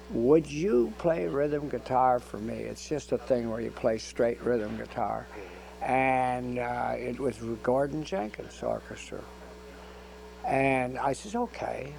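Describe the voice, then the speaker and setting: An older man being interviewed, telling anecdotes in an animated way and acting out the dialogue. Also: medium pitch, vocal fry, low-quality recording. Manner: animated storyteller who acts out dialogue. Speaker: interview guest. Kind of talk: anecdotal storytelling.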